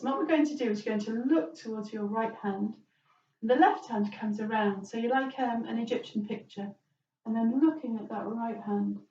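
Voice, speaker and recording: Gentle woman guiding yoga, distant and roomy. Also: on the high side, a little hiss or hum. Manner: gentle, soothing step-by-step instructions. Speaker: yoga teacher. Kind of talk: guided chair yoga class. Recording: roomy, distant, dull-sounding recording.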